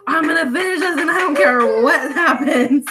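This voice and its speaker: A woman with a slightly high voice hosts a crochet livestream from home and chats casually with her viewers. She reads their comments aloud and laughs often. Loud clicking sounds run through the recording. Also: normal speed. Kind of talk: casual chat with live viewers. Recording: loud clicking noise over the voice.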